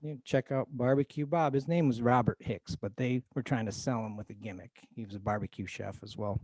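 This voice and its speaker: A man talking casually as a guest, explaining things in a relaxed way with frequent "uh" and "um" fillers, over a video call. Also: mid-range voice, fairly quick, no room sound. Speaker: guest record collector.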